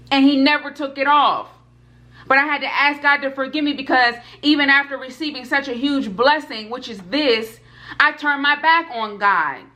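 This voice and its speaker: A woman in her twenties speaks to her camera audience with fervor. She leans on repetition and emphasis. Her voice sits a little high and rings bright and forceful. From United States. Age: 20s. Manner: addresses viewers directly. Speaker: food vlogger. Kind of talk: personal testimony to camera.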